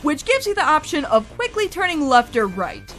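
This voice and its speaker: A woman's voice: sits high, sing-song, normal speed, over music. A woman narrating a scripted game review in a wry, chatty way.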